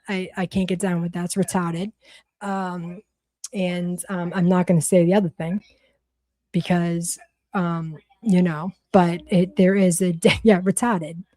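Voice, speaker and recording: This livestream host is a Massachusetts woman with a Boston accent whose casual chat is blunt, profane, and full of rambling restarts. She speaks in a fairly low, darkish voice, and there's no room sound.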